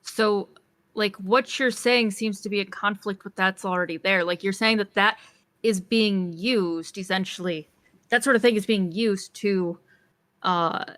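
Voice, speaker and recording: A woman's voice: mid-range voice, a little slow, a bit bright, dry recording. A woman on a debate panel, challenging the other side with pointed questions and frequent "like" fillers.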